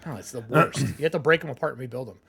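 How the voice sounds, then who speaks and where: A man's voice: medium pitch, very fast, creaky, a bit bright, husky. A man running a tabletop game as game master, narrating casually, swearing freely and laughing as he talks.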